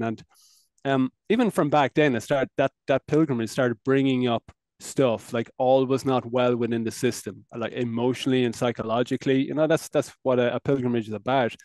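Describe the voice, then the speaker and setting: A man's voice: mid-range voice, darkish tone, no echo. Irish man, podcast guest, candid and good-humored, medium voice, dry recording. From Ireland. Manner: candid, laughs often, stammering restarts. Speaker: podcast guest, men's coach. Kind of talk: casual interview chat.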